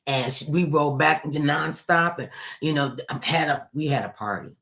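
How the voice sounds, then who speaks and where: An older woman telling a personal story in a casual interview, animated and expressive. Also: normal speed, creaky. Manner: animated, acts out quoted voices with big pitch jumps.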